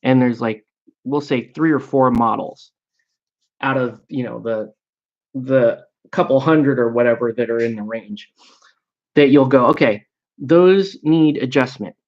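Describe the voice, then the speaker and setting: A man's voice: mid-range voice, fairly even intonation, a little slow, long pauses, highs cut off. A man chatting casually about a tabletop game, rambling with frequent fillers and restarts. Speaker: miniature painting and gaming host. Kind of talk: casual chat.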